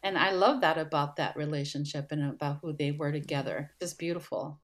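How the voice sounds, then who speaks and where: A woman's voice: low-pitched, fairly quick. Earnest middle-aged woman sharing a story. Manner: earnest, heartfelt, animated when retelling dialogue. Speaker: guest. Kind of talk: personal storytelling in a panel conversation.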